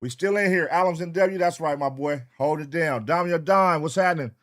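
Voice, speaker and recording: A man from the US West Coast hosting a late-night livestream, loose and profane, reeling off shout-outs to chat viewers in a sing-song way. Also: on the high side, a little fast, no echo, clean studio sound. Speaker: livestream reaction host.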